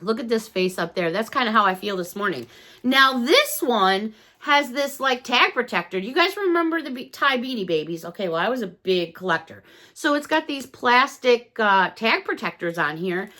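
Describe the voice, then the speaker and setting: Woman, excitable haul chatter, high bouncy voice. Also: normal speed. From Chicago, USA. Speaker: haul vlogger. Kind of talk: casual unboxing chat.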